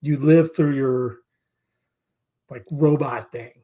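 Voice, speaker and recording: A man co-hosting a casual podcast, speaking haltingly, repeating himself while searching for words. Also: mid-range voice, steady tone, warm tone. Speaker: co-host.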